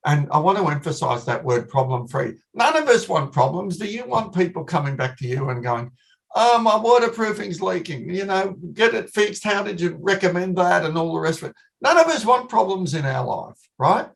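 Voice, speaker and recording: A middle-aged man with an Australian accent, his voice sitting a little high, talks through a technical presentation in an easy, chatty way. He comes back to his main points again and again to drive them home. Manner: conversational, repeats key points for emphasis. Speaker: guest speaker, company managing director.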